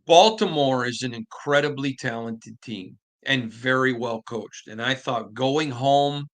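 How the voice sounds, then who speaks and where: A man hosting a sports podcast, telling stories in an animated, conversational way with frequent restarts. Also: mid-range voice, unhurried. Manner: animated storytelling with repeated restarts. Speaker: podcast host. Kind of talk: casual podcast monologue.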